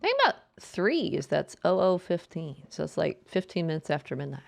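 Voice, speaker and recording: A woman's voice: low-pitched, sing-song, brisk, vocal fry. A woman with a Southeastern US accent chatting casually while streaming a video game, rambling and trailing off into stammered fillers.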